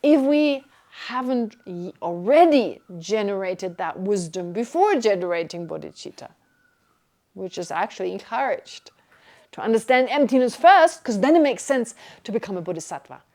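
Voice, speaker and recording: A woman from Germany, giving a Buddhist teaching to a class in a lively, joking way with rhetorical questions. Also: medium pitch, moderate pace. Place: meditation centre teaching hall.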